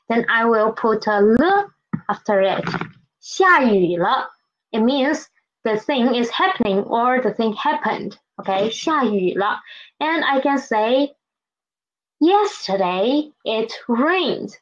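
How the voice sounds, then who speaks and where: A woman's voice: a little high, lo-fi sound. A woman teaching a language lesson, patiently modeling words and repeating them for students to read after her. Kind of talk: slow, clear classroom instruction.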